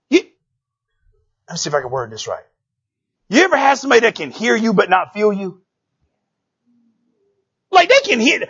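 High-voiced husky male preacher. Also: moderate pace, long pauses, muffled recording. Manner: animated, talks straight to the congregation, often asks "you know what I'm saying?". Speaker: pastor. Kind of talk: conversational sermon.

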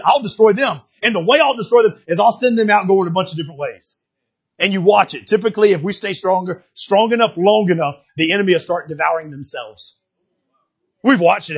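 High-voiced folksy male preacher. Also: slightly rough, highs cut off. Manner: folksy, emphatic preaching that swells to shouts. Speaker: pastor. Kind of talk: sermon.

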